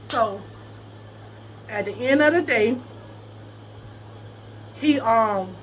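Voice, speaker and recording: Animated high-voiced woman telling a story. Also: drawn-out words, a little hiss or hum. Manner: animated, laughs often, breaks into high laughing squeals. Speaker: vlogger telling a personal story. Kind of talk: casual storytelling chat.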